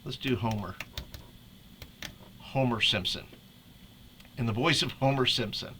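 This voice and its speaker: A man's voice: mid-range voice, unhurried, pushed and bright, slight background noise. A man leading a casual tutorial for youth ministry leaders, chatty and laughing often as he restarts his sentences. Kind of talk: casual screen-share tutorial.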